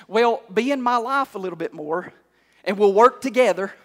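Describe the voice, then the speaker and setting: A male pastor preaching a sermon, calling out to the congregation and climbing to shouts. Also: high-pitched, lively intonation, a little fast. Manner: call-and-response preaching, rising to shouts. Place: church hall. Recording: long hall reverb.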